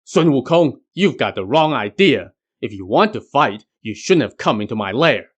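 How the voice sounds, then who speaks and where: Storybook villain: a blustering demon king, quick to rage, as a narrator puts him on, voice swinging widely. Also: medium pitch, big pitch swings, slightly rough. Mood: gloating. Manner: blustering, raised voice. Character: hot-tempered male demon king.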